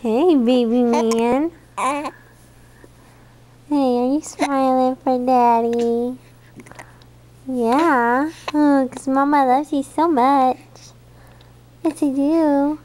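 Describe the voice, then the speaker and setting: Mother, doting baby talk, high voice, unhurried. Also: fairly even intonation, mellow, slight background noise. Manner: cooing and affectionate.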